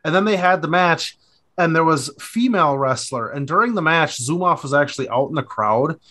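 Guy from minnesota ranting about old wrestling, kinda higher voice, crude and laughing. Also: fairly quick. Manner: crude, animated storytelling with laughs. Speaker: podcast co-host. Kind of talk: casual chat.

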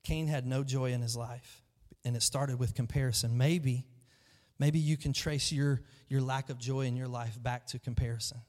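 A man preaching a sermon to his church, lively and emphatic, often acting out the voices of the people in his story. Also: mid-range voice, moderate pace. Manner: animated preaching, acts out quoted voices. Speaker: pastor. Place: large church hall. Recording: long hall reverb.

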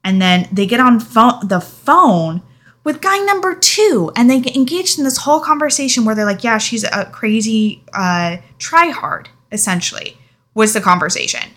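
A woman's voice: fairly high pitch, big pitch swings, moderate pace, a bit bright. A young adult woman telling a personal story in a candid, emotional vlog, speaking frankly and sometimes swearing. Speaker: vlogger.

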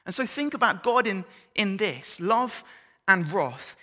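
A man delivering a sermon in a bright, ringing voice that rises to loud, passionate climaxes. He drops to hushed, almost whispered tones when reading scripture. His words trail off into the long reverb of a large hall. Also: sits high, takes it slowly. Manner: swings from loud impassioned build-ups to hushed, near-whispered scripture reading. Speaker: preacher. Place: church hall.

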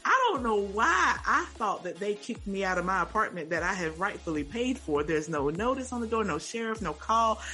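A woman co-hosting a podcast, telling a funny story in an animated, laughing, chatty way. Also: medium pitch, moderate pace, few pauses. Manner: animated, laughing, exclaiming, talks to listeners as "y'all". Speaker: podcast co-host. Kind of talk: casual chat, storytelling.

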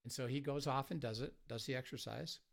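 A man who leads a marriage ministry, telling a story in an interview, softly and with many pauses and fillers. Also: medium pitch, fairly even intonation, vocal fry. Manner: soft-spoken, many fillers, acts out quotes.

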